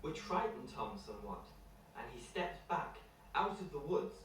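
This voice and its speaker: Male storyteller, playful bedtime narration, distant mic, faint background hiss. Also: fairly high pitch. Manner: slow, lively, playful. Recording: echoey room from far off, faint noise.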